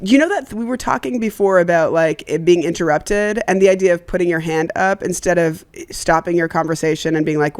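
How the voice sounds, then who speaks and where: A woman's voice: fairly low pitch, a little fast, hardly any pauses. A woman in her thirties co-hosting a podcast in casual chat, brash and joking, often acting out what she would say. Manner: joking, brash, sings and acts out lines. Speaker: podcast co-host.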